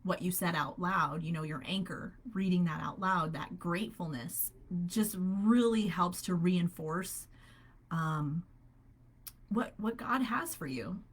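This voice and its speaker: A middle-aged woman coaching a group on a live call, speaking with lively, animated conviction. She laughs easily and keeps an upbeat, encouraging energy as she talks. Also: on the low side, slow pace, husky. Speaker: holistic health coach.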